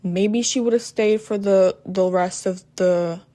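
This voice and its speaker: A woman's voice: mid-range voice, steady tone, a little slow, warm tone. A woman retelling a true crime case in a casual way. She keeps stumbling and restarting, and she breaks in with blunt, profane asides. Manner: hesitant, with frequent restarts and "um".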